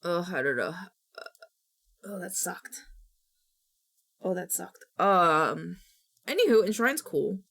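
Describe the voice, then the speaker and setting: Slow-talking dramatic young woman streamer. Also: fairly low pitch, very animated, gravelly, a bit bright. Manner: dramatic, shrieks and groans, trailing restarts. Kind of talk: casual live-stream chat.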